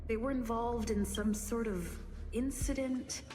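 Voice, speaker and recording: A woman's voice: on the high side, fairly even intonation, unhurried, warm tone, a little hiss or hum, lightly acted. An actress playing a worried young woman in a game who asks anxious questions. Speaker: game character.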